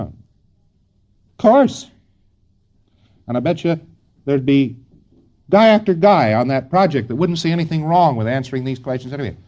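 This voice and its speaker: A man giving an informal lecture to trainees, rambling and folksy, often pausing on fillers. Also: mid-range voice, a little mellow.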